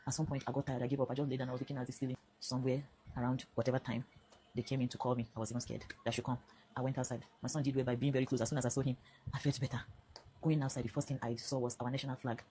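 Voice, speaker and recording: A middle-aged Nigerian woman, a social media vlogger with a Nigerian accent, gives an impassioned, pleading personal statement straight to camera, telling her story. Her bass voice is warm, flat in delivery and very fast. The recording is low quality with slight background noise.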